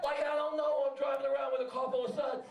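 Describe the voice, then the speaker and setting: A man doing stand-up comedy for a live audience, telling a story with animated delivery and shouted punchlines. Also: very high voice, fast, creaky. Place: club stage with a crowd. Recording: roomy, distant live stage sound with crowd.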